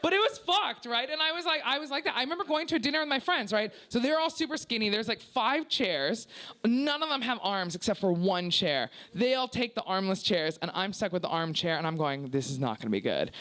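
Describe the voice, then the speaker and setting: A woman's voice: on the high side, animated, a little fast, a bit bright. A young woman doing a stand-up comedy set, confessional and profane, full of "like" fillers and acted-out quotes. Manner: acts out quoted people in shifted voices.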